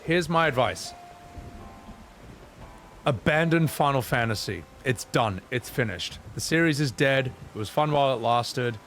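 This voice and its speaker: A man streaming a game and chatting casually with his viewers. His delivery is lively and full of swings in pitch as he rants and pokes fun at himself. Faint game music plays under his voice. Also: unhurried. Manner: animated, joking, self-deprecating rants.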